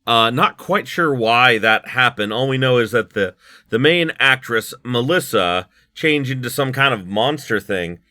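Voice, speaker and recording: A man's voice: mid-range voice, expressive, a little slow, bright, forceful tone, dry recording. Thirtysomething guy rambling through a let's play, voice jumps all over, dead dry close mic. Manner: rambling, lots of likes and you knows. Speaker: gaming YouTuber.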